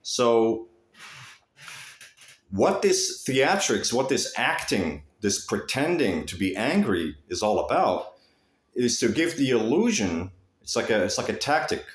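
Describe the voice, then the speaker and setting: Animated, profane man talking in an echoey room. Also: medium pitch, a little slow. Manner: rambling, profane, with frequent restarts and animated swings. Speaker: vlogger. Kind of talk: casual monologue to camera.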